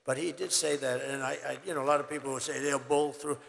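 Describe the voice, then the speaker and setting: Older guy, hoarse and super gravelly, rambling rally speech, big echoey hall w crowd. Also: steady tone, quick pace. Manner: rambling, repetitive, boastful, shifts between loud shouts and low asides. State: hoarse, voice worn from several speeches. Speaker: political candidate at a rally. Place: large rally venue. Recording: reverberant hall with crowd and faint noise.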